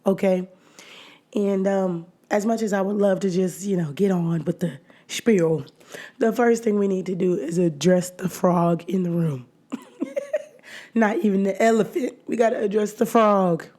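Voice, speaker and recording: A woman hosts her own podcast in a relaxed solo chat. Though her voice is hoarse and close to gone, she talks freely and laughs often between phrases, in a mellow, mid-range voice.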